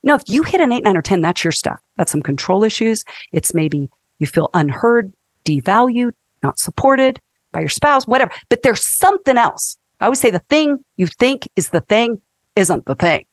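A woman in her fifties speaks as a counselor on a faith-based podcast, animated and emphatic. Her voice sits at a middle pitch. It is recorded close and dry, with no room sound. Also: normal speed, no echo.

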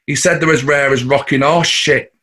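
A man's voice: a little high, steady tone, normal speed, sharp tone. An actor with a Mancunian accent playing a scheming, boastful working-class husband and father, cocky and coarse. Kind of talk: audio drama acting.

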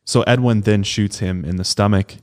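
A man's voice: on the low side, fairly even intonation, moderate pace. A man co-hosting a podcast, recounting a true-crime case in a loose, conversational way with casual swearing. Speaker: podcast co-host.

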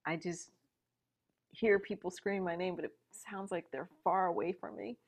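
A middle-aged woman telling a personal story in conversation, animated and full of asides and fillers. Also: on the low side, moderate pace. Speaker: guest.

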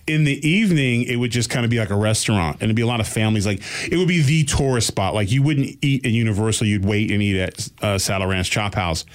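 A man telling a long story in a casual, animated way, with voices for the people he quotes. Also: on the low side, quick pace, few pauses. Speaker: podcast guest telling a story.

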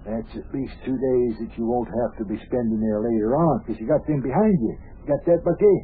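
An actor playing a folksy, hearty small-town mayor who gives cheerful pep talks, on an old radio show. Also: male voice, medium pitch, a little fast, lightly acted. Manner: folksy, hearty, calls people buster and lad. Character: folksy older male mayor, cheerfully bossy. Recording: tinny old radio broadcast with faint hiss.

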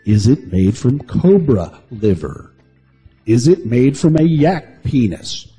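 Husky lively-voiced man hosting. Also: medium pitch, slow pace, faint music behind. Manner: playful, teasing, hams up announcements. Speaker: podcast co-host. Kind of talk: casual joking chat, game show hosting.

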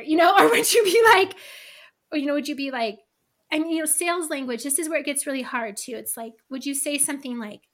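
A woman's voice: high voice, lively intonation, fairly quick, a bit bright. A middle-aged woman talking casually as a podcast guest, chatty and full of asides. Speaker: guest, email copywriter.

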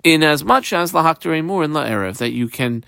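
A man's voice: on the high side, animated, a little fast, creaky, pushed and bright, dry recording. Man teaching a Talmud page, dry sound. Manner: explains Aramaic text phrase by phrase with many fillers. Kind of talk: daf yomi lesson.

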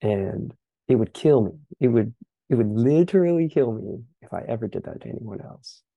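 A young man, the guest of an interview, telling his story in an earnest, reflective way, pausing often with fillers. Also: mid-range voice, animated, gravelly, no room sound, phone-quality sound. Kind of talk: candid personal account.

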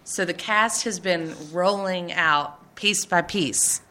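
A woman's voice: lowish voice, takes it slowly, sharp tone. A middle-aged woman hosting a casual chat podcast, gushing and chatty, often laughing. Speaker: podcast host.

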